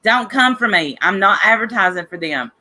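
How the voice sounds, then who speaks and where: Medium in pitch, expressive and sharp in tone at normal speed, this woman's voice belongs to a podcast host who's sick with a cough. On her casual talk show she rambles and gossips chattily, addressing listeners directly.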